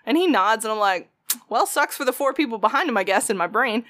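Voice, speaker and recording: A young woman with a drawl tells a story in casual conversation. She swears a lot and jumps into voices for the people she quotes. Her voice sits a little high, and the sound is dry and close. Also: animated, quick pace, fairly bright tone, no echo. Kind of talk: casual podcast chat.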